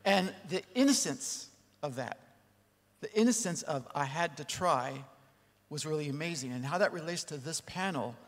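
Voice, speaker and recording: A fairly high-voiced man spins a studio anecdote with animated energy and quick asides. His voice rings out with the long reverb of a large hall. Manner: animated storyteller, lively asides. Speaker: record producer on a panel. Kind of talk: anecdotal panel talk.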